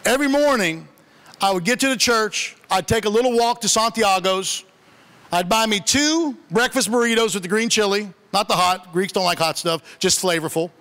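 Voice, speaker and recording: Bright-voiced man preaching with humor. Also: sits high, normal speed. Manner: conversational, humorous storytelling. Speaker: pastor. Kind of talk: sermon. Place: church sanctuary. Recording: long church reverb.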